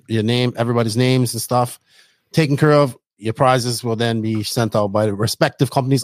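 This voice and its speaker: A man hosting a podcast in casual, rambling chat full of fillers and shout-outs. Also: mid-range voice, no room sound. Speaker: podcast host.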